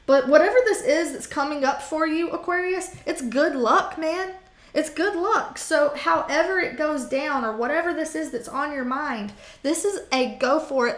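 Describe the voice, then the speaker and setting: A woman's voice: high voice, fairly bright tone, roomy sound. A woman doing a casual tarot reading for the zodiac signs, talking in a chatty, blunt way with fillers, swearing and laughter. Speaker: tarot reader.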